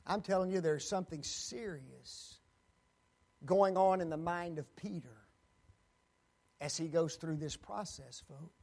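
A man's voice: a little high, gravelly, a little mellow. A man preaching a sermon, dramatic, acting out pleading quotes and addressing the congregation as folks. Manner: slow, dramatic, acts out quoted pleas.

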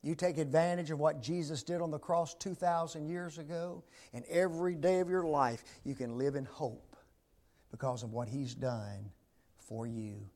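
A man preaching a sermon, swinging between loud emphatic peaks and hushed near-whispers and asking the congregation frequent rhetorical tag questions. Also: a little high, steady tone, moderate pace.

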